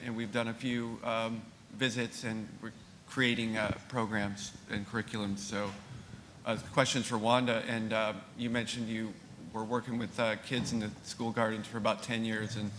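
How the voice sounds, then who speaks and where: A man, a farmer in the audience, asking a panelist a hesitant question full of pauses and restarts. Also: lowish voice, little pitch movement, fairly bright tone. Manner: hesitant, many ums and restarts. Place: conference hall. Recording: reverberant hall with faint room noise.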